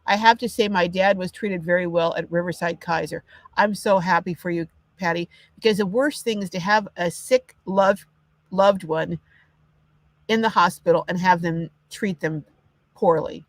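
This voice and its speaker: A woman's voice: on the low side, normal speed, no echo. An older woman hosting a live chat, ranting with indignation and reading out viewer comments. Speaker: livestream host. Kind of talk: casual livestream chat.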